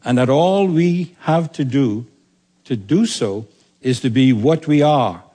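A man pastor preaching a sermon in an earnest, emphatic way, slowing down to read scripture aloud. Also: mid-range voice, lively intonation, mellow.

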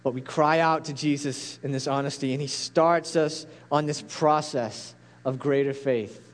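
A man's voice: on the high side, steady tone, unhurried. A man preaching a sermon as a pastor, earnest and pleading, building to intense peaks.

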